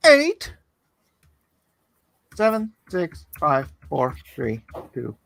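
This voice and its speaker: A man's voice: on the high side, wildly swooping pitch, drawn-out words, vocal fry, a bit bright, no room sound. A middle-aged man hosting a casual live art auction, joking and teasing as he chats. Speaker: auction host and comic artist. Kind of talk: casual livestream chat.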